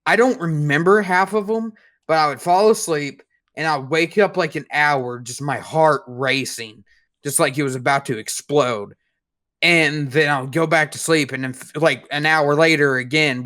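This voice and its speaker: A young man co-hosts a podcast with a voice a little higher than most men's. He tells stories in a rambling, halting way, often restarting his sentences. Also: sharp tone. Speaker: podcast co-host. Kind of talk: casual chat.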